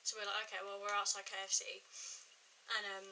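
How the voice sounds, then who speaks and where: A woman's voice: mid-range voice, completely flat delivery, brisk, pushed and bright, slight background noise, poor audio. A young woman telling a true story to camera in a chatty vlog style, full of "like" and acted-out quotes. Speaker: vlogger.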